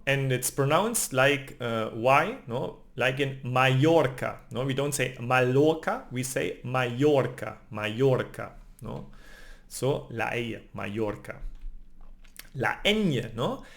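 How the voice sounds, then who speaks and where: A man's voice: medium pitch, gravelly. A man with a Spanish accent, a native Spanish speaker, teaching pronunciation and checking in with listeners by tagging "no?" onto his sentences. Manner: explains patiently with tag questions, often adds "no?". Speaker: language teacher. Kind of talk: spoken pronunciation lesson.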